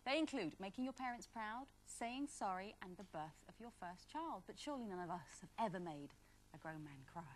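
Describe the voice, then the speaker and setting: A woman's voice: mid-range voice, animated, brisk, background noise. A woman presenting a daytime talk show, introducing a topic in a bubbly, casual way.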